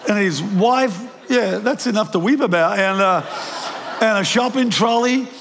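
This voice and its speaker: A man's voice: sits high, unhurried, a bit bright, a little hiss or hum. An older man with a New Zealand accent preaching a sermon, telling stories with lots of restarts and self-deprecating asides. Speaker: pastor. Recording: preached in a large reverberant hall.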